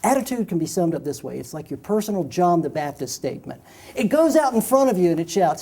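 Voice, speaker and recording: A man's voice: sits high, big pitch swings, fast, dark tone. A man, a sales trainer, giving an emphatic motivational talk that repeats key phrases and tells stories.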